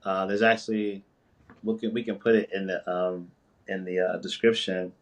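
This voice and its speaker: Podcast guest, man, lowish voice, sounds set back from the mic. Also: fairly even intonation, normal speed, distant mic. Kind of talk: casual conversation.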